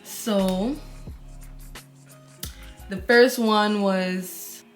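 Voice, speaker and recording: A woman's voice: mid-range voice, fairly even intonation, extremely slow, soft background music. A young woman vlogger chatting candidly and rambling while she gets ready at home, talking into her camera. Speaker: beauty vlogger. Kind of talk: casual chat while getting ready.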